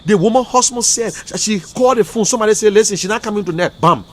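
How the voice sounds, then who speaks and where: With a high voice, fast delivery, and a fairly bright tone, a man from Liberia hosts an online talk show in a Liberian English accent. He gives impassioned livestream commentary, fiery and emotional, with outburst after outburst.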